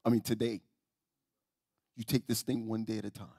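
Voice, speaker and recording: Male pastor, storytelling sermon, husky tone, stammering repeats, soft-to-loud swings. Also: on the low side, flat delivery, moderate pace, no room sound, clean studio sound. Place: church sanctuary.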